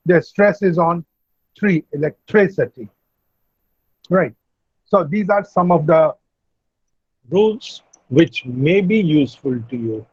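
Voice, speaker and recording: A man with an Indian English accent explaining word stress in an online class, working methodically through each example and often clearing his throat. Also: a little high, a little mellow, no echo. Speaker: English teacher. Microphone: video call. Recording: dull lo-fi video call audio.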